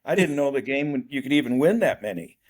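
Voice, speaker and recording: A man's voice: medium pitch, expressive, fast, a little mellow. An older man chatting casually, rambling through old memories. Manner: rambling, reminiscing. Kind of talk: casual chat.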